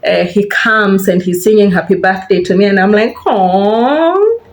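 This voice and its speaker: A woman's voice: mid-range voice, flat delivery, fairly quick, reverberant, slight background noise. A young woman with a Kenyan accent tells a story in a casual, chatty way while she gets ready. She retells events with animation and puts a bit of life into the lines she quotes. The sound is a simple phone-camera recording. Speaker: vlogger. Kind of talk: casual storytime while doing her hair.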